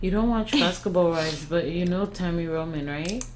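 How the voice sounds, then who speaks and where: A young woman, stoned, chatting on a podcast in a lazy, drawn-out way. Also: fairly low pitch, faint music behind. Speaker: podcast co-host. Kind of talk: casual chat.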